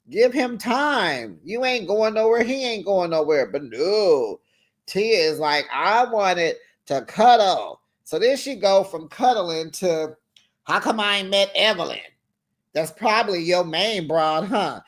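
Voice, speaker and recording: A reality TV reviewer giving casual commentary to the camera, animated and talking straight to the cast. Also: mid-range voice. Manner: animated, talks straight to the cast, acts out quotes.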